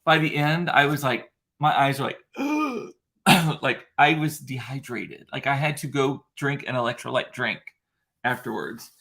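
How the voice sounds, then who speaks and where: A man's voice: mid-range voice, moderate pace, creaky, a bit bright. A man hosting a casual livestream from his computer, telling a long story with lots of fillers, restarts and emotion. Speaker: livestream host. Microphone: computer mic in front of a ring light.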